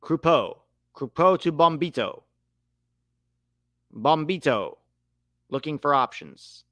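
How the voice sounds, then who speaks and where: A young man calls the match live for his watch-along audience, swearing at the referee when riled. His voice runs a little high and swoops all over, with a bright, sharp edge. The recording is close and dry. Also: animated, takes it slowly, no echo.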